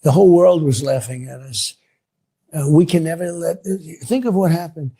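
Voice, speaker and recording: A man's voice: fairly high pitch, normal speed, warm tone, slightly rough. An older man politician answering reporters, boastful, repetitive and rambling. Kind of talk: clip of a press Q&A.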